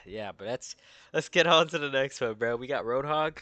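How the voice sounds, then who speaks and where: A man's voice: medium pitch, lively intonation, moderate pace, pushed and bright, no echo. A young man giving casual, rambling, slangy commentary and tossing in "bro" a lot. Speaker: content creator.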